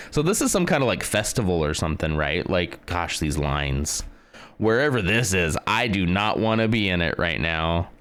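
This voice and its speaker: A man's voice: low voice, a bit bright. A man streaming live, chatting with his viewers and thinking aloud as he plays a location guessing game, greeting people by name. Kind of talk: casual live-stream chat while playing a guessing game.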